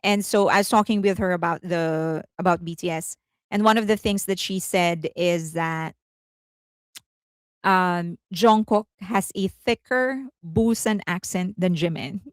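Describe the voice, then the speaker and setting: A woman's voice: on the low side, a little slow, no room sound. A woman hosting casual commentary, chatty, often giggling and correcting herself mid-sentence. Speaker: host.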